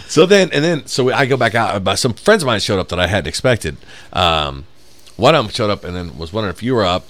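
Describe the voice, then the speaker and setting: Deep-voiced man telling a profane story. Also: very animated, a little fast, a bit bright. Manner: rambling, profane, laughs at his own story. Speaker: podcast host. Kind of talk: casual storytelling chat.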